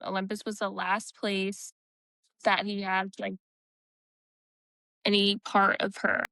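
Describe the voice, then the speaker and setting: A woman retells scenes from a fantasy novel in casual chat, dropping into the characters' lines without changing her voice much. Her tone is smooth and clear at a middling pitch. She sits close to the mic in a dry room. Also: completely flat delivery, slow, bright, forceful tone, dry recording. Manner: recounts scenes, quoting characters in her own voice. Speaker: book podcast co-host.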